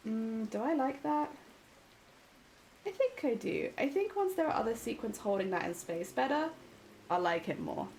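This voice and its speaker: A woman's voice: fairly high pitch, animated, moderate pace, a little mellow, a little hiss or hum. A young British woman streaming while she crafts, chatting casually and greeting viewers with sing-song jumps in her voice. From Britain. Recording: faint music behind.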